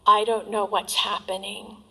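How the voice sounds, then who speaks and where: A middle-aged woman telling her recovery story as a personal testimony, candid and emotional, with soft trailing asides. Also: medium pitch, flat delivery, a little slow, gravelly, husky, rough recording.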